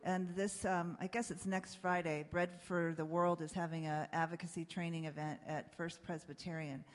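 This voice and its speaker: A woman's voice: fairly low pitch, level tone, normal speed. A woman moderating a panel, earnestly rallying the audience, in an echoey hall. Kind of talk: panel discussion.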